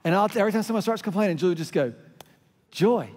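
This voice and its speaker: A man's voice: high voice, rapid-fire, darkish tone. A middle-aged man, preaching a sermon as pastor and telling stories that lead into crowd call-and-response. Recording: hall reverb.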